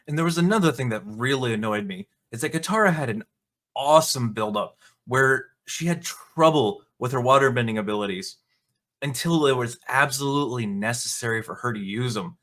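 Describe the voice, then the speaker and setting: An indignant male commentator rants to his viewers, mocking and swearing as he goes. His voice is bright and forceful, with a middle pitch. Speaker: video commentator. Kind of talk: ranting commentary vlog.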